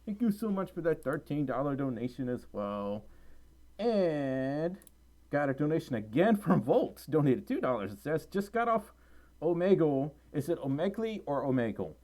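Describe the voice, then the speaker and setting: Man, livestream host, from Mississippi, tired, giggly, rambling, fairly high voice. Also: big pitch swings, normal speed, darkish tone. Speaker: livestream host reading chat. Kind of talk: casual livestream chat. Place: home room.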